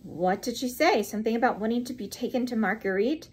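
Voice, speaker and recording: A woman reading aloud and voicing a distinguished male lawyer who talks gravely and dryly, in a measured, questioning manner. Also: fairly high pitch.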